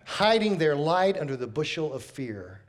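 A male pastor delivers a sermon from the pulpit. His voice sits fairly high for a man, and his style is folksy and emphatic. He keeps circling back to his key phrases, hammering each point through repetition. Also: big pitch swings, moderate pace.

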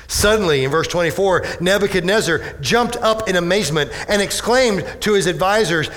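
A male pastor preaching a sermon, animated, with many rhetorical questions to the congregation. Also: high-pitched, normal speed, hardly any pauses. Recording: echoey hall with long reverb.

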